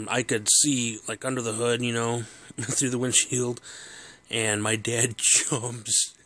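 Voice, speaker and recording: A man's voice: fairly low pitch, fairly bright tone. A man casually telling a story from his childhood, rambling with many fillers and chuckling as he goes.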